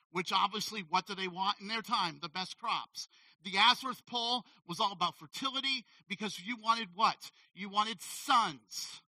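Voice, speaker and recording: A man preaching a sermon as a pastor, animated and conversational, often checking in with "okay?". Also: high-pitched, no echo, far from the mic, low-quality recording.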